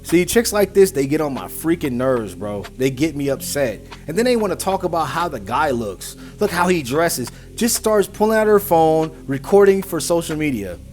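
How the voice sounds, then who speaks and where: A fairly high-voiced man hosts a reaction video, ranting in heated street slang. His casual commentary runs over faint music in the background. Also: big pitch swings, normal speed, few pauses, darkish tone. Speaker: reaction host.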